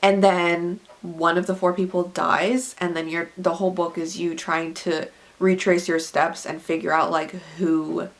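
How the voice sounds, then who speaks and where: A woman's voice: on the low side, level tone, a little slow, hardly any pauses. A woman in her twenties recommending books in a casual vlog, chatty and gushing, filling her talk with "like". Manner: chatty and gushing, heavy use of "like" fillers. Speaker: book reviewer.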